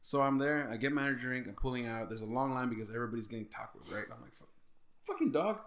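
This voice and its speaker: A man's voice: mid-range voice, rapid-fire, crowd noise. A man, co-hosting a casual podcast chat and telling stories full of swearing and laughter. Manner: profane, laughing storyteller. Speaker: podcast co-host.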